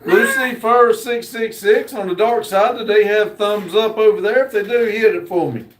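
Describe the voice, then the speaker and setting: A man hosting a casual livestream, reading viewer comments aloud in an unhurried, joking way with frequent pauses. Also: high voice. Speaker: livestream host. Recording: roomy echo.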